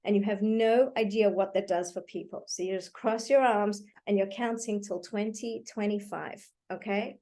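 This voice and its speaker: A woman speaks over a video call, teaching parents how to calm down before hard conversations. Her voice sits at a middle pitch, and her manner is warm and reassuring, with frequent "okay" check-ins as she walks them through each step. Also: normal speed, few pauses. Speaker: parenting educator. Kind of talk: live online talk teaching calming techniques. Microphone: computer mic on a video call.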